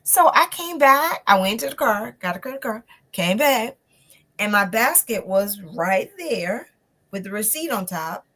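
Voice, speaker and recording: A woman's voice: mid-range voice, a little slow. A woman guest telling a personal story in a conversation, acting out the people in it. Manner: animated, acts out the people in her story.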